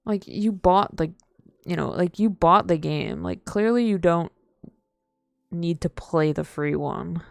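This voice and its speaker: A woman's voice: fairly low pitch, expressive, slow pace, vocal fry, no room sound, studio quality. A young woman live-streaming a game, rambling in casual chat and full of "like" fillers. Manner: rambling, heavy use of "like" fillers; chatty and playful.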